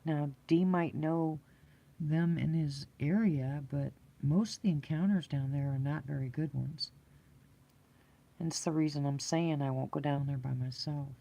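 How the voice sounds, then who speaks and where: Low mellow-voiced woman telling a story. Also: fairly even intonation, measured pace, creaky. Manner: rambling, laughs often, many fillers and restarts. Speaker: live chat host. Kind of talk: casual storytelling.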